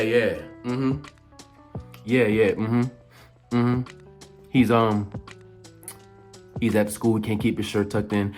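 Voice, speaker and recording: A man voicing a calm, businesslike assistant principal with a low, measured voice. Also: lightly acted.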